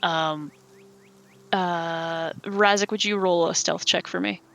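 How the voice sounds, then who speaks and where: A game master narrates a tabletop game, circling back and restarting sentences as the scene unfolds. The voice is bright and forward, at a middle pitch. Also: steady tone, takes it slowly, creaky. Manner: rambling, full of fillers and restarts.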